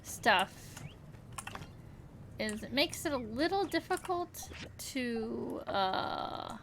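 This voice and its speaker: A woman streamer giving casual, halting commentary over her game, self-deprecating with many fillers, at a desk mic. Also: a little high, animated, creaky, noisy background.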